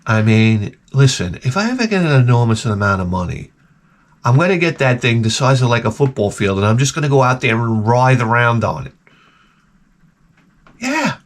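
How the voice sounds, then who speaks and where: Animated, swearing man on a rambling rant. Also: mid-range voice, moderate pace. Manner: animated, profane, stammering restarts. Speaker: retro game channel host.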